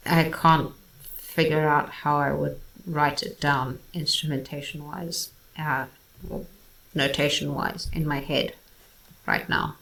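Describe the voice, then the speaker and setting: A woman's voice: sits low, flat delivery, slow, vocal fry, fairly bright tone, echoey room. A woman who is a classical singer, chatting casually as she analyses a song and scat-sings rhythms to explain them. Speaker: classical singer reacting to music. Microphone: home microphone.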